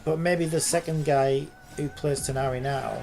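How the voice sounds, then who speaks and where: Over background music, a man with a medium-pitched, steady voice and vocal fry talks at a moderate pace while streaming a game. His commentary is loose and rambling, crowded with "like" and "you know."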